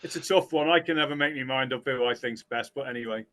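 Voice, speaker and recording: A man co-hosting a podcast over a video call, chiming in with quick agreement. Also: medium pitch, fairly bright tone, no room sound. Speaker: podcast co-host. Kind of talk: casual video call chat.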